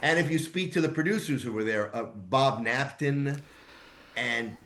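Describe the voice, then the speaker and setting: A man in his sixties, a voice actor guest telling rambling, lively anecdotes in a casual interview. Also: mid-range voice, unhurried. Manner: rambling, animated anecdotes with asides.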